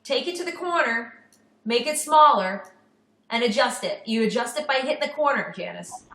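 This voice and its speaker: Woman, teacher, video call, brisk, explains step by step, high bright voice, echoey room. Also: expressive. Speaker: teacher guiding colleagues through software. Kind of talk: casual meeting talk.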